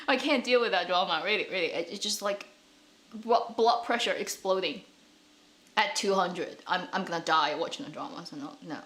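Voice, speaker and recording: A woman hosting an online drama commentary channel, chatting casually in an animated, ranting way with frequent laughs and fillers. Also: medium pitch, normal speed. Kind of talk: casual chat.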